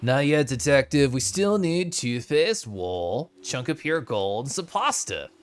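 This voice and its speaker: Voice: mid-range voice, sing-song, unhurried. A streamer voicing a laid-back surfer-bro game character who keeps saying he is a great listener. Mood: matter-of-fact. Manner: drawling, easygoing surfer-bro talk. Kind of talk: game voice acting.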